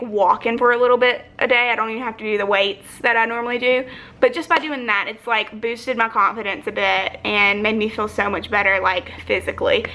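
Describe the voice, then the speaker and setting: Sitting on the floor at home, a young woman rambles through a casual personal vlog, reflective and packed with filler "likes." Her medium-pitched voice sounds bright and forceful, picked up by a phone or camera whose battery is running low.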